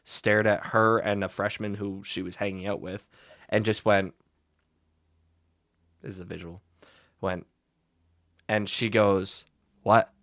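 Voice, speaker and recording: A young adult man, a teacher and podcast co-host, telling a school story in blunt, animated casual chat with many likes and restarts. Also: on the low side, slow, pauses often, dry recording, clean studio sound.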